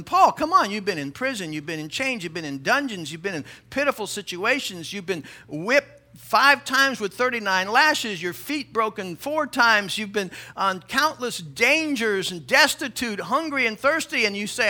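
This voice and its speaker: A male pastor preaching a sermon, animated and emphatic, asking the congregation rhetorical questions. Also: high voice, moderate pace.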